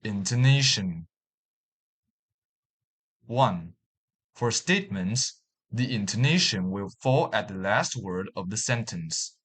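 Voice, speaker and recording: Slow, husky male language teacher. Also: lowish voice, expressive, a bit bright. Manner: slow, deliberate, reading out example words and sentences. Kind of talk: scripted lesson narration.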